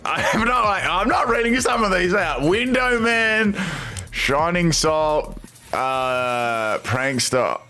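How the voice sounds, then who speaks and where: An Australian man in his twenties talks through a live stream at a slow, unhurried pace, reading viewer chat aloud with amused disbelief. His pitch swings widely, sitting somewhat high for a man. Faint music plays behind him. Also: lively intonation, pushed and bright. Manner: amused, reads viewer suggestions aloud with incredulous reactions.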